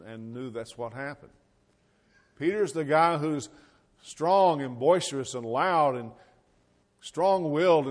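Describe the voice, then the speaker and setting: A middle-aged man preaching a sermon, reading scripture and explaining it in a folksy, conversational way with rhetorical questions. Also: mid-range voice. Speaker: pastor.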